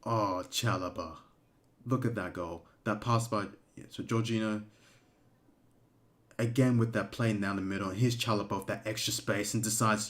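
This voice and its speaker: A man giving casual live commentary during a watch-along stream, excitable and emotional, breaking into shouts at big moments. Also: on the low side, moderate pace. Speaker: fan streamer commentating a match.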